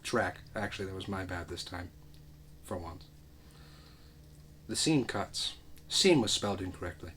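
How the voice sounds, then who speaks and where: A man's voice: sits low, unhurried, long pauses, fairly bright tone, a little hiss or hum. A man reading a comedy script aloud, narrating the action and adding dry, wry asides. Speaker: script reader.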